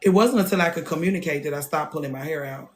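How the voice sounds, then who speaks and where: A woman's voice: low voice, quick pace. Woman in her thirties, hairstylist hosting her own show; blunt, profane, repeats herself for emphasis. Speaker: hairstylist and podcast host. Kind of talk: casual monologue.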